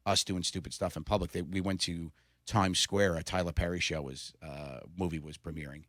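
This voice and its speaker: A man's voice: low-pitched, brisk, dry recording, clean studio sound. A middle-aged man, a comedian guest, telling stories in a casual interview and laughing often. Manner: animated storyteller, laughs often.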